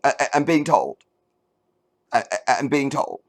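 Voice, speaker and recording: A middle-aged man hosting a commentary show, reading an article aloud and mocking it with sarcasm, jumping between loud outbursts and low mutters. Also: expressive, normal speed. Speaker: commentary channel host.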